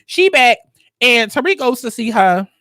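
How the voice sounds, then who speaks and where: A woman recaps a TV episode at an even, measured pace in echo-free studio audio. Her delivery is animated and crude, with plenty of profanity and sudden pitch shifts.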